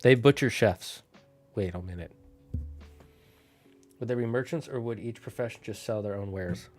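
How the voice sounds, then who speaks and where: Man, live streamer, casual rambling chat, thinks out loud, dry close sound, faint music behind. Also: lowish voice, no echo. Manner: musing aloud, thinks out loud with quick asides. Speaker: streamer running a worldbuilding chat.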